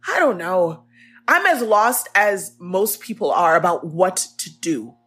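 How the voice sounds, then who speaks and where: Husky earnest woman podcaster. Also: on the low side, animated, a bit bright. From Africa. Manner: earnest, halting, near tears at times. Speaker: podcast host. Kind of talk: emotional personal message.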